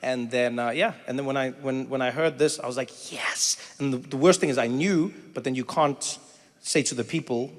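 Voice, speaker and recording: A man in his thirties with a South African accent doing stand-up crowd work, animated and breaking into loud high impressions. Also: moderate pace. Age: 30s. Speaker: stand-up comedian. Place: large theater stage. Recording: live hall with faint crowd noise.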